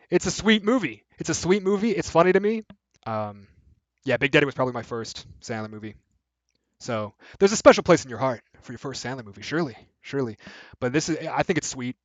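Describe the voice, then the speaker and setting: A young man with a mid-range, slightly bright voice hosts a video essay, rambling through profane, filler-heavy opinions in casual commentary. The recording is dry, with slightly dull lo-fi audio.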